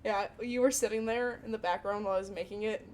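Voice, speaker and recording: A woman co-hosting a casual podcast, telling stories in a giggly, animated way. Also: mid-range voice, fast, a little hiss or hum. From Chicago area. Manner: giggly, animated storyteller who acts out coworkers' voices. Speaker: podcast co-host. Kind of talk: casual chat.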